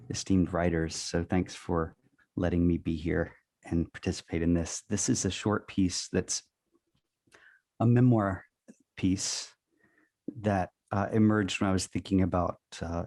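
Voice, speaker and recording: Low-voiced man from North Carolina, screenwriter reading memoir over video call, measured delivery. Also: dark tone. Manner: hesitant with fillers before reading, then measured storytelling. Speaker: screenwriter and writing faculty. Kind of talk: reading his memoir aloud.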